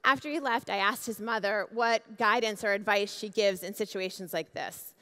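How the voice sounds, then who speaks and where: A woman's voice: mid-range voice, steady tone, normal speed, a bit bright. Woman giving an emphatic keynote in a hall. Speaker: keynote speaker. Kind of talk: conference keynote speech. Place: large conference hall. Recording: long hall reverb.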